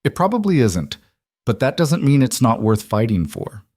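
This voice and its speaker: A man reading aloud, voicing an adult single father who speaks directly and gently. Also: mid-range voice, very animated, normal speed, no echo, studio quality. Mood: encouraging.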